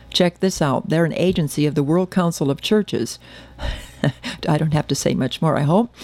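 A woman's voice: sits low, a little mellow, dry recording. A woman giving a sermon-style Bible teaching, earnest and emphatic with wry asides.

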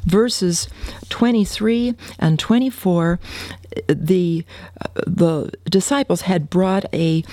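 A woman's voice: on the low side, a little mellow, dry recording. A woman preaching a sermon, earnestly exhorting her listeners and quoting scripture.

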